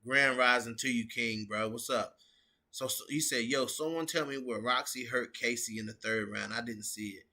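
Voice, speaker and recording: Bright-voiced man ranting about fights. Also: medium pitch, moderate pace. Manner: animated, swearing, keeps saying bro. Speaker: MMA reaction streamer. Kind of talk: casual reaction commentary.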